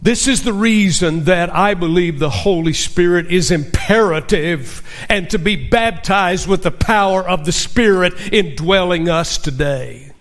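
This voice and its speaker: A man's voice: high voice, measured pace, few pauses, a bit bright, soft background music. A male pastor preaching a sermon with emphasis and asking the congregation rhetorical questions.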